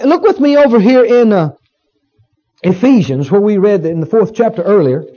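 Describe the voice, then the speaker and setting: A man's voice: high-pitched, expressive, moderate pace, warm tone. A male pastor preaching a sermon in a folksy, emphatic way, often repeating his phrases for weight. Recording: dull lo-fi recording.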